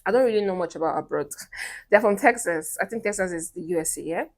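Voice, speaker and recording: A woman's voice: on the low side, animated, fast. A young Nigerian woman with a Nigerian accent, talking straight to camera as a relationship coach, emphatic and repetitive, often breaking into a personal story. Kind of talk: direct-to-camera advice talk.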